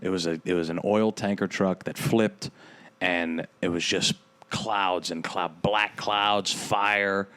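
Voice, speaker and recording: Low-voiced profane podcast host. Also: male voice, steady tone, takes it slowly, a bit bright, clear, resonant tone. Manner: rambling, profane, lots of fillers. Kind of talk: casual storytelling chat.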